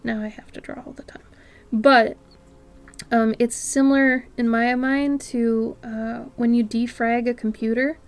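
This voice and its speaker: A woman artist chatting casually with her live-stream viewers, often dropping to a soft near-whisper and breaking into excited exclamations. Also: fairly high pitch, measured pace.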